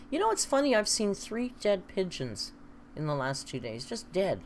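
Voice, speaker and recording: A woman's voice: mid-range voice, sing-song, normal speed, slight background noise. A woman chatting casually on a live stream, reading viewer comments aloud and laughing often.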